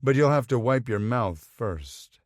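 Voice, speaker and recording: A man's voice: mid-range voice, expressive, a little slow, no room sound, studio quality, close to an everyday voice. A man voicing a smug, affectionate grown man who talks in a wry, teasing way.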